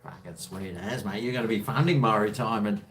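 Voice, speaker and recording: Chatty man with a low voice. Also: a little fast, a bit bright. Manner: chatty, jokey, says "mate" a lot. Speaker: live stream host. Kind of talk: casual live stream chat.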